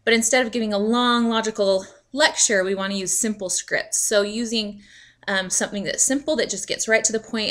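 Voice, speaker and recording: Calm woman giving parenting advice. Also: mid-range voice. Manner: calm, measured and explanatory, with frequent "um"s. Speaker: host answering reader questions on parenting. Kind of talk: casual advice talk to camera.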